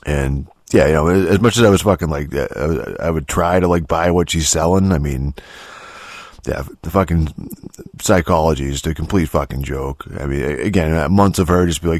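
A grumpy man in his thirties hosting a show, ranting with constant swearing and halting restarts. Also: rumbling low, no room sound. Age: 30s. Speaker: podcast host. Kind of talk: profane rant monologue.

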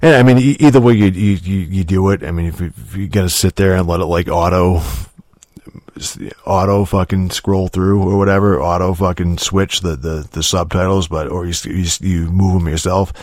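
A man talks through a casual game review in a deep, low voice, circling back on himself with constant fillers, restarts and swearing. The recording is dry and close, with no room sound around him. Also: fairly even intonation, moderate pace, darkish tone, no room sound. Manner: rambling, profane, many restarts and fillers.

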